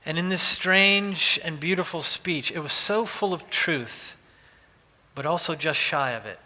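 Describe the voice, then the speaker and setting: Man in his forties, pastor, conversational sermon, bright ringing tone, long hall reverb. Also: fairly high pitch, measured pace. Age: 40s. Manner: conversational, anecdotal, with frequent restarts.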